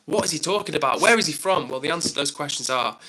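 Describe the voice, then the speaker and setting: Bright-voiced rambling English streamer man. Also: a little high, animated, fast, slightly rough, rough recording. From England. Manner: rambling, filler-heavy, upbeat. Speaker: live streamer host. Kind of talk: casual live-stream chat, reading viewer comments.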